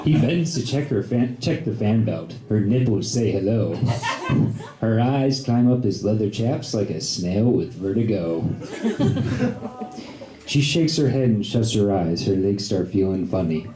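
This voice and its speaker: A man's voice: fairly low pitch, expressive, a little slow, a crowd in the background. A man at an open mic casually reciting a humorous poem with an amused delivery. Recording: echoey cafe room.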